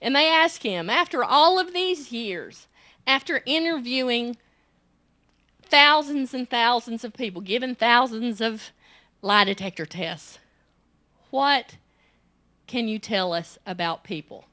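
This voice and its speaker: Bright-voiced woman preaching with stories. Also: expressive, slow pace, long pauses. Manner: storytelling, acts out quoted child and self in high pitch. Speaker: women's ministry director, conference speaker. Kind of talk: sermon.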